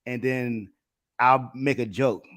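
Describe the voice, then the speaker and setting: A man hosts a live stream in a relaxed, street-casual way, laughing along as he talks. His voice sits at a normal middle pitch and his delivery stays loose and friendly. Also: slow pace. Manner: laid-back, slangy, laughs easily. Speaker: stream host. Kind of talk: casual chat.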